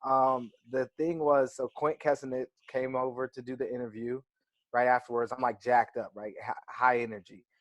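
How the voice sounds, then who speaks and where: A man's voice: medium pitch, moderate pace, dry recording. Man telling a story with lots of "like"s. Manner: animated, filler-heavy storytelling with many "like"s. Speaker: interview guest, former college wrestler. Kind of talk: casual storytelling on a video call.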